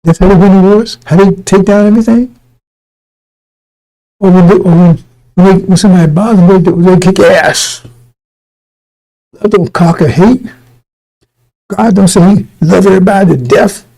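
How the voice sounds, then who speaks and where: Gravelly, dark-toned preacher man. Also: high-pitched, normal speed, pauses often, low-quality recording. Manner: blunt and profane, mocking voices, laughing. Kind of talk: loose street sermon.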